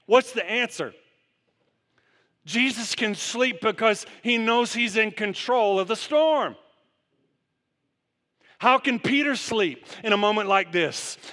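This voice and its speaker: A man preaching to his congregation with a high, ringing, bright voice. He fires one rhetorical question after another at his listeners. His words trail off into the long reverb of a church sanctuary. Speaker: pastor. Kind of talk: sermon.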